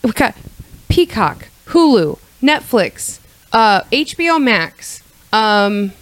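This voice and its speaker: A woman's voice: on the high side, very animated, takes it slowly, dry recording. A young woman co-hosting a podcast in casual chat, giggly and teasing. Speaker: podcast co-host.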